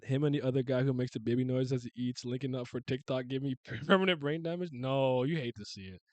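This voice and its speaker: A man's voice: mid-range voice, dry recording. Sex: man. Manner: rambling, slangy streamer. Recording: dry. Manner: rambling, slangy, quick asides and chuckles. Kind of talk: casual stream chat.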